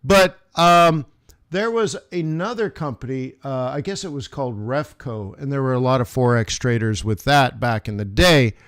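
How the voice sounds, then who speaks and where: A man's voice: medium pitch, normal speed, a bit bright, clear, resonant tone, dry recording, studio quality. A man in his forties, a forex trader hosting a live trading stream and talking viewers through the markets in a chatty, emphatic way.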